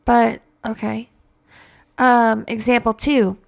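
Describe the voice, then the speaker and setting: A woman's voice: a little high, moderate pace, vocal fry, a bit bright. A woman hosting a casual solo podcast, profane and sarcastic, drawing out mocking quotes. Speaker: podcast host.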